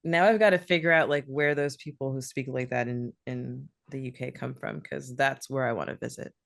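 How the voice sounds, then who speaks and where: A young woman co-hosting a podcast, chatting in an animated way and laughing often. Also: extremely low pitch, fairly quick, gravelly, no room sound, studio quality. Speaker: podcast co-host. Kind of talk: casual chat.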